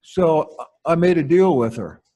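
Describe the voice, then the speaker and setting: A male preacher recounts old stories in a dry, wry, anecdotal way. He takes his time, and his voice sits somewhat high for a man. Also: expressive, measured pace, mellow. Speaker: pastor. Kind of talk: storytelling sermon.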